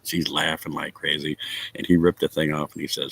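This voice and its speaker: A man's voice: extremely low pitch, level tone, moderate pace, a bit bright, a little hiss or hum. A man chatting casually with viewers of his stream, laughing often and swearing casually. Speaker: livestream host chatting with viewers. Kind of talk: casual chat.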